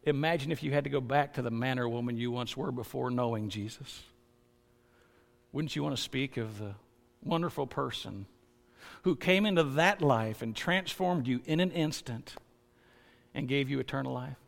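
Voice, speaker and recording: A man preaching a sermon as pastor, earnest and building to loud, emphatic stresses. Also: mid-range voice, normal speed, vocal fry, long reverb tail.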